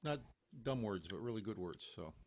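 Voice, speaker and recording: Speaking at a moderate pace in a fairly low, expressive voice, this man is a cantor joking around and rambling before he leads a virtual chapel service. He's self-mocking, the talk shifts from casual chat to the service itself, and his video-call computer mic adds a little hiss or hum.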